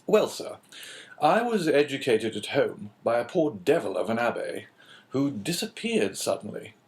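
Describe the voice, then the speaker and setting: A man voicing a calm, phlegmatic English businessman in an audiobook, cool and measured. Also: medium pitch.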